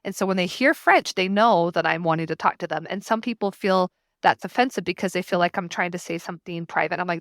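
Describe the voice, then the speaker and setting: Low-voiced earnest mother, dry sound. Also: fast, a bit bright, no echo. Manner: earnest, reflective, talks in long flowing runs. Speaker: podcast guest. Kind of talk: casual conversation.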